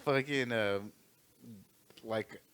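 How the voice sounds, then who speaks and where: A man's voice: mid-range voice, extremely slow, a bit bright, clean tone. A man hosting a podcast from his home, teasing his co-host playfully and swearing freely in casual banter.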